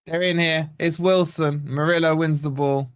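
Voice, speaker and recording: A man's voice: fairly high pitch, steady tone, normal speed, clean tone. A man hosting a live football watch-along, blunt and sarcastic, venting about his team as the match plays out. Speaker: fan channel host.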